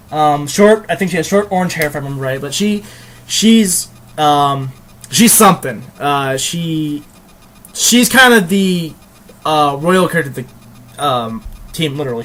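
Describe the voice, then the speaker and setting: A man's voice: a little high, a bit bright. Rambling young male game reviewer. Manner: rambling, frequent ums and restarts, crude jokes. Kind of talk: casual review chat.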